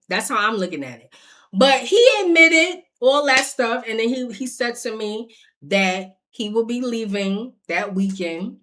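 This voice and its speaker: A young woman with a bright, forceful voice tells her story straight to her viewers. She is blunt and swears freely, and her delivery is lively and animated. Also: fairly high pitch, a little slow, slight background noise. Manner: blunt, profane, animated, addressing viewers directly. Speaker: storyteller vlogger. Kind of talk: casual storytime.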